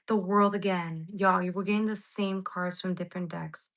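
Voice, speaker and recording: Gravelly-voiced woman giving an emotional tarot reading. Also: fairly low pitch, steady tone, moderate pace, hardly any pauses, rough recording. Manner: emotional, rambling, swears casually, talks to viewers directly. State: near tears. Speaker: tarot reader. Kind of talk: casual live tarot reading.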